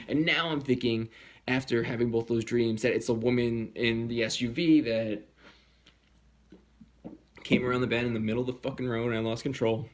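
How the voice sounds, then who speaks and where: A man's voice: flat delivery, a little fast. Young man rambling through a personal story. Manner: candid, rambling, swears often; slips into high-pitched voices when quoting others.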